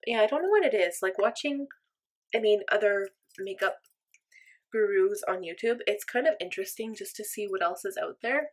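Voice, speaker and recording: A young woman vlogger gives a relaxed makeup tutorial at a moderate pace. Her medium-pitched voice is animated, and she's upbeat and happy to laugh at herself.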